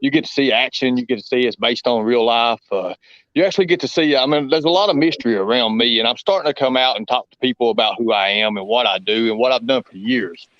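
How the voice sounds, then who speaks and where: A man's voice: mid-range voice, fast, fairly bright tone, no room sound, lo-fi sound. A man with a Southern US accent, chatting as a guest on a live stream, rambling and emphatic with lots of fillers. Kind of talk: casual live-stream chat.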